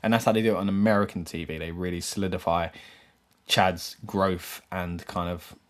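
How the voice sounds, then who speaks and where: A man's voice: low-pitched, normal speed. Rambling man hosting a wrestling stream. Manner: rambling, self-correcting, animated with rising questions. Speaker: wrestling show host. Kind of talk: live-stream commentary and predictions.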